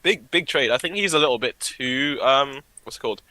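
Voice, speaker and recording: A British man co-hosting a trading livestream, chatting casually and joking with a quick laugh. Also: mid-range voice, expressive, pushed and bright, poor audio. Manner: laughs often, joking banter. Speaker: livestream co-host.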